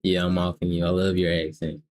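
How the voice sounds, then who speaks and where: Fairly quick and flat in delivery, a young Southern man running a live stream pokes fun at strangers while chatting casually and profanely. His voice sits low and sounds a little mellow.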